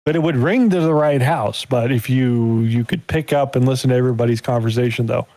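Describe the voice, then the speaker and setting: Man, warm relaxed voice, dry close sound, laid-back host chatter. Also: medium pitch, fairly quick, dry recording. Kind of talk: casual chat.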